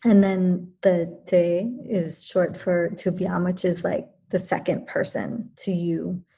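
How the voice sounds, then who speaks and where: A woman who teaches yoga, talking thoughtfully in a relaxed conversation, pausing and restarting as she works through her points. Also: fairly low pitch, gravelly. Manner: thoughtful, many restarts and fillers. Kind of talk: reflective conversational talk.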